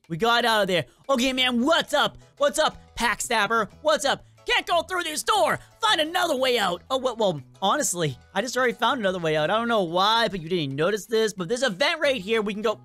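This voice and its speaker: A gaming channel host doing playful, animated let's-play commentary, joking with viewers and game characters. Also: mid-range voice, a little fast, few pauses, faint music behind.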